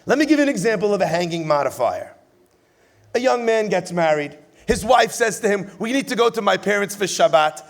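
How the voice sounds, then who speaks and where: A male rabbi speaks from a lit stage to a conference audience in an animated preaching style. His voice sits fairly high with a gravelly edge. He swings between loud bursts and soft, quiet passages and slips playful jokes into his teaching. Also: fairly quick.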